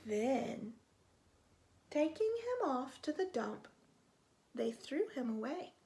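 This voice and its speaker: A woman reading a children's picture book aloud, expressive and stretching out the sound words. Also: high-pitched, slow, creaky. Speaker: storytime reader.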